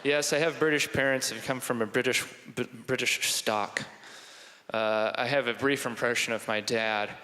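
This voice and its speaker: A man doing stand-up comedy with crowd work, animated and self-mocking, on stage before an audience. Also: mid-range voice, normal speed. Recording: echoey hall, live stage.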